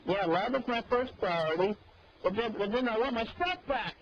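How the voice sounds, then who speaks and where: A man with a very high voice that swings widely, pleading one moment and yelling the next. He is heard through dull, low-fidelity voice-chat audio with faint hiss behind him. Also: animated, moderate pace. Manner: pleading, bursts into angry shouting. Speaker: person on a prank call. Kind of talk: archived voice-chat recording.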